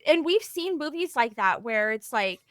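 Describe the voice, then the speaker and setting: A woman with a high, bouncing voice chats on a podcast. She is playful and expressive, and she sounds dry and close to the mic. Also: no echo. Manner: expressive and playful, quick to laugh. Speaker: podcast co-host. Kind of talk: casual chat.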